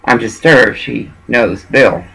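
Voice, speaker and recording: A man's voice: medium pitch, slow pace, vocal fry, bright, forceful tone, slightly rough, rough recording. A man from Texas, talking in a preachy, meandering monologue. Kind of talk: rambling monologue.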